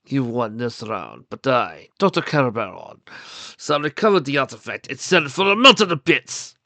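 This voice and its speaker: A man voicing a pompous male villain pony who speaks in slow, drawn-out lines. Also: mid-range voice, sing-song, sharp tone, no room sound. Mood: scheming.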